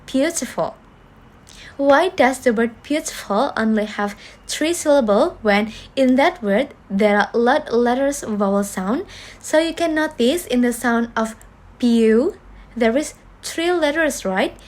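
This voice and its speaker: A woman's voice: a little high, a little slow. A young woman giving a class presentation as a student, explaining step by step with small fillers.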